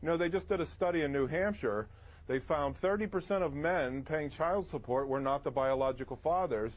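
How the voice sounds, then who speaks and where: A man's voice: on the high side, normal speed, muffled recording. A man arguing heatedly on a TV debate panel, talking over the others and reeling off statistics to press his point. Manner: combative, talks over others, rattles off statistics. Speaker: opinionated TV panel guest.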